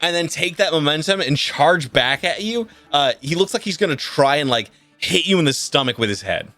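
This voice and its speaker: A man narrating a tabletop game as game master over a voice call, animated and laughing often, with many fillers. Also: fairly high pitch, normal speed, faint music behind. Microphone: computer mic on a voice call.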